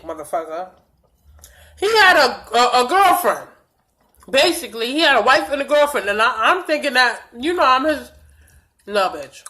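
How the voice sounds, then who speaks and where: A young woman telling a blunt, profane storytime vlog with lots of animated retelling of dialogue, a little stuffy from allergies. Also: sits high, measured pace, long pauses. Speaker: vlogger.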